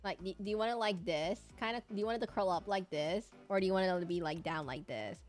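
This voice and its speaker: Woman streamer, chatty and giggly, rambles while drawing, mid pitch, soft music in back. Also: fast. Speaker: livestreamer. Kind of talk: casual livestream chat while drawing.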